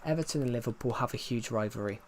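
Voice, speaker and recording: A man's voice: medium pitch, quick pace, a little hiss or hum. A man, chatting casually on a live stream, answering chat with many fillers and restarts. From England.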